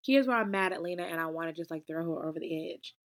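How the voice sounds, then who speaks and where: A young woman, giving a casual book review, expressive and animated, talking back to the book as she goes. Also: on the low side, fast.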